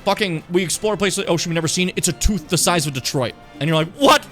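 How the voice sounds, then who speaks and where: A man streaming a game who rambles and rants with plenty of swearing and sarcasm. His voice sits a little high for a man. Game music plays clearly underneath. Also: rapid-fire. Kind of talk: casual gameplay commentary.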